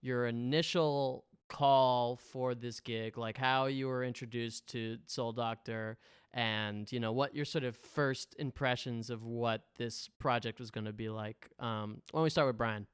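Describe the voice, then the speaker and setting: A man hosting an interview, relaxed, steering the guests with short prompts. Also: mid-range voice, a little slow, clean tone, no room sound. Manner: relaxed, encouraging, brief backchannels. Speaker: podcast host.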